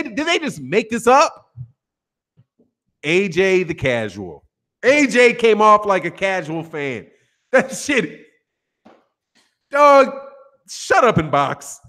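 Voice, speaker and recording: A man's voice: high voice, very animated, unhurried, long pauses, sharp tone. A man hosting a boxing channel, ranting in a brash, profane, trash-talking monologue.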